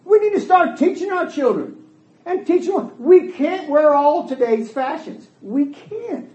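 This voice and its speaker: A man's voice: extremely high pitch, lively intonation, unhurried, darkish tone, muffled recording. A middle-aged man preaching a sermon in a church hall, emphatic and folksy, voicing quoted dialogue as he goes. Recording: echoey hall.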